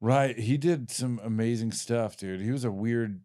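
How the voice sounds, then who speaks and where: A man's voice: medium pitch, moderate pace, mellow, no echo, studio quality. A laid-back man co-hosting a comedy podcast, reading out quiz questions and saying "dude" a lot. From Southern California. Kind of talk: casual banter, reading quiz options.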